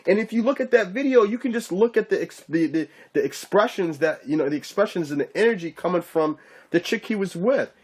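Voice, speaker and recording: A man's voice: high-pitched, lively intonation, a little fast, darkish tone, slightly rough. A man giving a casual, profane ranting commentary to camera, mocking his target and often asking if you get what he's saying. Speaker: YouTube commentator.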